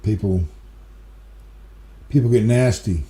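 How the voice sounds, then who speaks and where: Casting: Australian male co-host, warm low-key tone, roomy echo, loose and rambling. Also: slow. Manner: relaxed, rambling, repeats words. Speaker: regular co-host. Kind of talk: casual podcast chat. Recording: echoey room.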